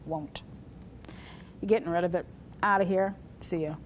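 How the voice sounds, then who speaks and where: A woman teaching a sign language class, talking through each sign as she shows it, with pauses and fillers. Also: on the low side, steady tone, a little hiss or hum. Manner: demonstrative, talks through signs with pauses and fillers.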